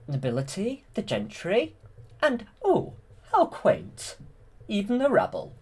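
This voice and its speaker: A man voicing a grand, icy evil fairy sorceress in a slow, stately, menacing way while retelling a cartoon film. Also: sits high, wildly swooping pitch, breathy edge, pitched above the performer's own voice, full character voice.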